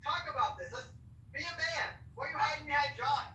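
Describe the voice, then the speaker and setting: A man in casual live audio-room banter, loud, joking and taunting. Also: very high voice, a little fast. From Nebraska. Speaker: room participant. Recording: roomy, distant, faint hiss.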